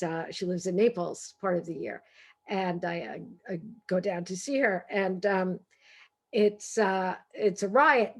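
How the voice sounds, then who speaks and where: A middle-aged woman with a Brooklyn accent, an author and humorist telling comic stories over a video call in a lively, chatty way full of asides. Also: mid-range voice. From Brooklyn, New York. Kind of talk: comic storytelling talk.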